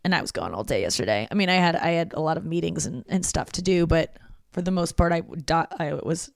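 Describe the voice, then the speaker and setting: A woman's voice: on the low side, quick pace, vocal fry, dry recording, clean studio sound. A woman hosting her podcast, talking alone in a loose, candid, yawning ramble with plenty of swearing. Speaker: podcast host. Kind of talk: casual solo monologue.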